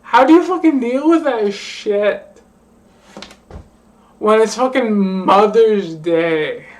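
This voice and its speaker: A woman's voice: medium pitch, slow, darkish tone. A drunk young woman rambling and swearing in a vlog, slurring and repeating the same phrase over and over. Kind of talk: rambling late-night vlog rant. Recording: voice distant from the mic.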